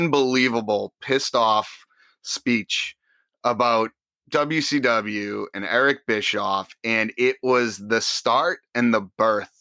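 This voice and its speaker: A man co-hosting a podcast, telling stories with enthusiasm in quick bursts. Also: mid-range voice, bright, forceful tone, no room sound. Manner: enthusiastic, rapid bursts of storytelling. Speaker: podcast co-host. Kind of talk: casual chat.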